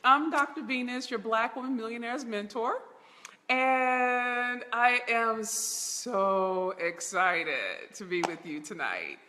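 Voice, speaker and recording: High bright-voiced woman chatting on a live stream, laughs a lot, big echoey room with long reverb. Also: slow, slight background noise. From Baltimore. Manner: bubbly, laughs often, greets viewers by name. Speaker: business mentor hosting a live stream. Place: large room of a house.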